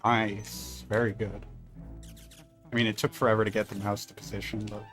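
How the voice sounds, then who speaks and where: A man's voice: on the low side, flat delivery, moderate pace, fairly bright tone, faint music behind. A man streaming a speedrun, chatting casually and rambling, with casual swearing between thoughts. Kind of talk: casual chat while gaming.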